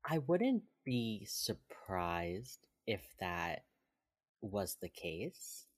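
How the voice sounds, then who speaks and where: A man's voice: lowish voice, big pitch swings, very slow. A man co-hosting a podcast in casual chat, recapping an episode in a laid-back way and often chuckling. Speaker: podcast co-host.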